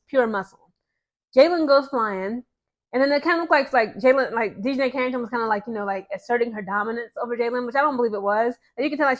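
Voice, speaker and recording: A woman ranting in casual sports commentary to her viewers, sarcastic and exasperated. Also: a little high. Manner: mocks others in put-on voices.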